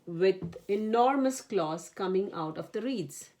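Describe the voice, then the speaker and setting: A woman storyteller reading a children's picture book aloud in a gentle, expressive way. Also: medium pitch, slow pace, slight background noise.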